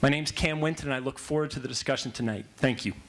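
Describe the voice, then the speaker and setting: A man's voice: mid-range voice, fast, heavy background noise. A man running for mayor as an independent, giving a polished, businesslike debate opening statement. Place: public forum hall.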